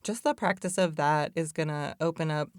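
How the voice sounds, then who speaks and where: A woman's voice: deep voice, moderate pace, smooth, no room sound, clean studio sound. A woman hosting a podcast in a loose, chatty way, full of "like" and "y'all". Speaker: podcast host. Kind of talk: casual reflective talk on addiction recovery.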